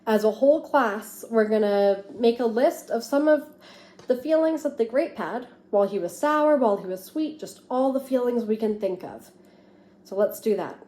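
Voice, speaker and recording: A woman teacher reading a picture book aloud to a class with expressive, lively storytelling, then explaining an activity. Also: on the high side, normal speed, echoey room.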